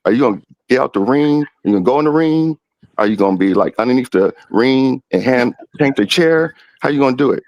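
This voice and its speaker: A man's voice: medium pitch, lively intonation, fast talker, darkish tone, no echo, lo-fi sound. A man in casual banter on a livestream panel, with an everyday mid-range voice. He teases another guest playfully and keeps circling back to the same mocking questions. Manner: teasing, repeats questions to needle.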